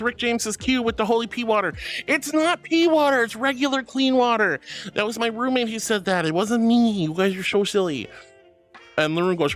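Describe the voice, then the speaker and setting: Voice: mid-range voice, a little slow, soft background music. A streamer in casual live-stream chat, thanking viewers and calling them sweetie and honey, laughing often.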